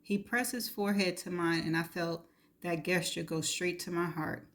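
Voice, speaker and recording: Woman, novel read aloud, lowish voice, steady intimate delivery. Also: normal speed. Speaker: reader.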